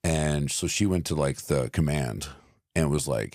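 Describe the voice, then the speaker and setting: Very deep-voiced man, halting casual talk. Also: a little mellow, no room sound, studio quality. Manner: halting, searches for words, swears casually. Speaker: podcast co-host. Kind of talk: casual conversation.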